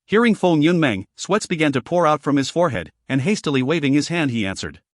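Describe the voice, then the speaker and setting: A man narrating a fantasy audiobook in a steady storytelling way, recorded on a close mic in a studio. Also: on the high side, brisk, few pauses, no room sound.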